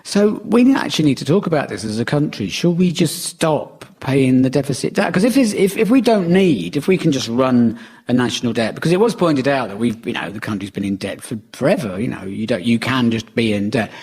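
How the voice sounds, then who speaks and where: A British man on a radio comedy panel argues his points with dry, mock-sensible logic. His voice has a husky edge, and his pitch sits in the middle. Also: lively intonation, brisk, darkish tone. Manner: dry, argumentative, mock-reasonable. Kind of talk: comic panel banter. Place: radio studio before a live audience.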